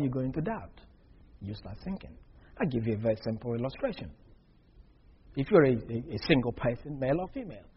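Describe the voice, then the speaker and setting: A husky-voiced man preaches with a lively, swooping delivery that sits a little high for a man. He acts out little bits of dialogue and keeps dropping from loud bursts to near-murmurs. The recording is dull and lo-fi. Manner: animated, acts out dialogue with big swings from loud to very soft. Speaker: pastor. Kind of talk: sermon.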